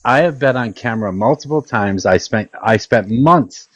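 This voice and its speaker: A man's voice: medium pitch, lively intonation, normal speed, lo-fi sound. A man hosting a heated live debate, angry and profane, repeating himself. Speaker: host.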